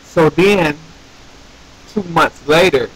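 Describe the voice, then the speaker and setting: A young man telling a story to his viewers in a casual, animated way, swearing and ranting with rhetorical questions. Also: on the high side, slow, husky, rough recording. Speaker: vlogger.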